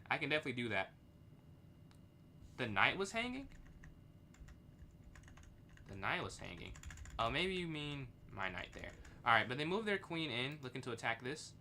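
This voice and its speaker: A young man streams chess live, his mid-range voice brisk over a faint hiss or hum. He thinks aloud about his moves, reads and answers chat, and breaks into excitable outbursts.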